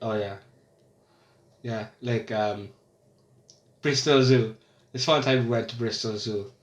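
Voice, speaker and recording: A man's voice: mid-range voice, fairly even intonation, slow. A young man in casual vlog chat, joking in a dry, self-deprecating way. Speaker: vlogger. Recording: echoey room.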